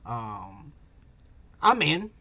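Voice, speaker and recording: A man's voice: mid-range voice, sing-song, drawn-out words, sharp tone, lo-fi sound. A man co-hosting a casual podcast, rambling and profane, with lots of fillers. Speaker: podcast co-host. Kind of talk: casual chat.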